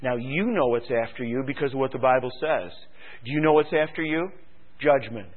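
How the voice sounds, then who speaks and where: A man preaching a sermon, swinging from quiet musing to loud, fervent exhortation and firing rhetorical questions at the congregation. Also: medium pitch, fairly quick. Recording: tinny phone-like radio broadcast.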